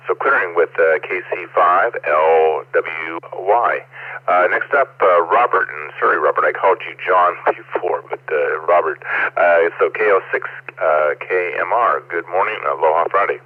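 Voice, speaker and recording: A man hosting a ham radio net, greeting and chatting with each check-in, halting with many fillers. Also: low-pitched. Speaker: net control host. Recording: tinny radio transmission.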